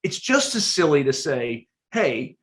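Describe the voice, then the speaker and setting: Man, podcast guest, fairly high voice, emphatic, animated, restarts his words as ideas tumble out. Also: brisk. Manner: emphatic, animated storyteller who often repeats words. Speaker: guest, archaeologist and chef. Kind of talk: podcast interview, explaining at length.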